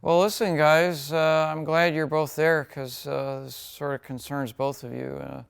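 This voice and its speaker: A man doing a slow, gravelly veteran film producer. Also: on the high side, little pitch movement. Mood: casual. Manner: slow, halting with "uh" fillers. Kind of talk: comedic impression sketch.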